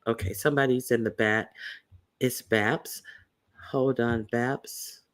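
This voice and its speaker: A man's voice: medium pitch, fairly even intonation, slow pace, fairly bright tone. Man hosting a casual livestream. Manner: loose, conversational, many fillers and restarts. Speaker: livestream host.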